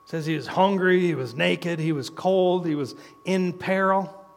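Middle-aged male preacher, high voice, folksy and chuckling, long hall reverb. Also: unhurried, gravelly. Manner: folksy, chuckles between points. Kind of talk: sermon.

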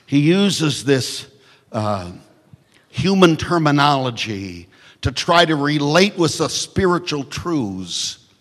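A male pastor preaching a sermon, swinging from shouted lines to hushed near-whispers with joking asides. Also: a little high, sing-song, takes it slowly, in a large hall.

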